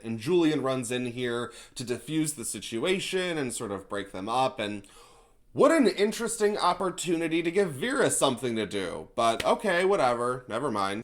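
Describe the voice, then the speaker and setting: Man for a TV recap vlog, casual and sarcastic, swears freely, laughs while retelling, mid-pitched. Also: big pitch swings, normal speed. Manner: chatty, profane and sarcastic, laughing as he retells scenes. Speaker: TV recap reviewer.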